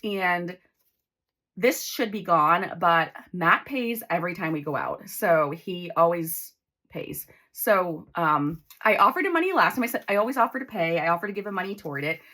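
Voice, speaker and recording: Lively chatty woman counting cash. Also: fairly low pitch, moderate pace. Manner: chatty, counts bills aloud, excitable. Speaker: budgeting vlogger. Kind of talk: casual chat while counting cash.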